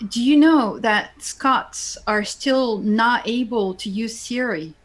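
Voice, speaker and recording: Woman in lively chat. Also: a little high, slow. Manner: animated, full of false starts. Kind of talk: casual chat.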